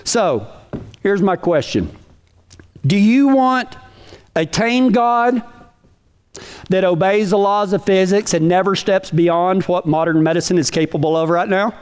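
A man's voice: sits high, unhurried, pauses often, darkish tone, clear, resonant tone. A man preaching a sermon in a folksy, emphatic way, full of rhetorical questions.

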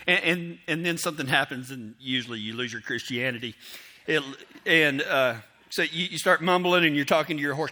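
A man's voice: fairly high pitch, brisk, sharp tone. A man telling rambling, self-mocking stories to an audience. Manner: rambling and self-mocking, acts out his inner voice in quotes. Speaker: storyteller speaking to an audience. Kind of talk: casual storytelling.

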